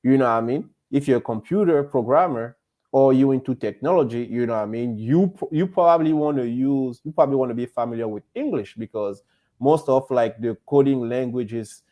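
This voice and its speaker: A man's voice: mid-range voice, fairly quick, muffled recording. Guy co-hosting a panel chat, keeps saying you know what i mean. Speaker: podcast co-host. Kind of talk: casual panel discussion.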